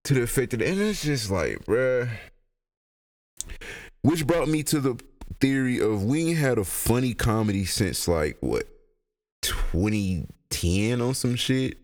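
A young man, high and rambling through a casual, profane solo podcast rant. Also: big pitch swings, a little slow, darkish tone. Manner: rambling, profane, laughs a lot. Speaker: podcast host.

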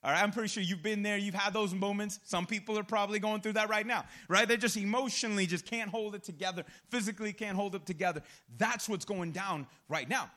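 A young man preaching a sermon in a lively, conversational way, with casual slang and quick asides. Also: high voice. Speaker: pastor.

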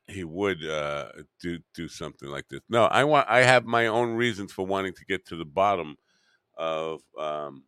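Deep-voiced man rambling to himself. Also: a bit bright, no room sound, clean studio sound. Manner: rambling, mutters to himself, wry asides. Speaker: podcast host. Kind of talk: rambling solo podcast.

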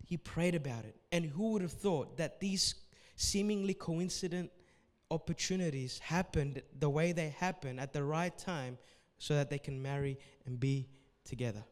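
A man's voice: a little high, normal speed, long reverb tail. A man preaching as pastor at a church service, giving earnest, repetitive exhortations and closing with a prayer.

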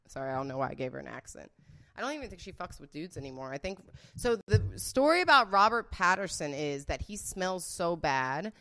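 Woman guest, slightly low-pitched, loose and blunt, rambles and swears as she guesses. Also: sing-song, a little fast, bright, forceful tone. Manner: blunt, rambling, swears freely, laughs often. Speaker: guest guessing celebrity scandals. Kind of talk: casual unscripted chat.

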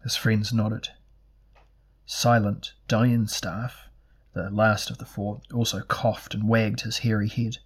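A man narrating a fantasy audiobook in a measured, deliberate reading. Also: lowish voice, level tone, slightly rough.

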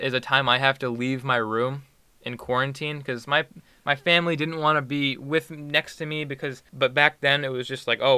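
A man's voice: mid-range voice, pushed and bright, clear, resonant tone, no room sound. A teenage boy chatting casually in an interview, rambling with many fillers and restarts. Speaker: student athlete guest.

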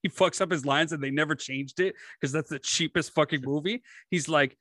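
A man's voice: fairly high pitch, fairly quick, fairly bright tone, dry recording, clean studio sound. A man in loose, casual chat who rambles, swears freely and laughs often as he talks.

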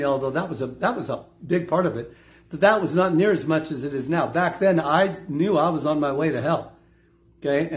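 A middle-aged man preaching a sermon, emphatic, repeating key phrases and asking the congregation questions. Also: a little high.

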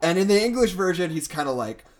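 A woman's voice: lowish voice, big pitch swings, fast, a little mellow. A woman co-hosting a podcast in casual chat, laughing often and acting out movie lines in silly voices. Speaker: podcast co-host.

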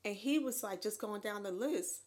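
A woman in her thirties co-hosting a podcast, telling her own story in casual chat, animated and laughing often. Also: mid-range voice, moderate pace. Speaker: podcast co-host.

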